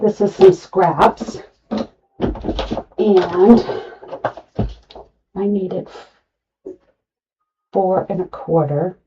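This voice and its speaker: A middle-aged woman talks through a live craft tutorial at an unhurried pace, chatting to herself as she trims and arranges pieces. Her voice is mellow and set slightly low. The sound is a little dull, with faint noise, as if the mic sits some way off. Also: distant mic. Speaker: craft demonstrator.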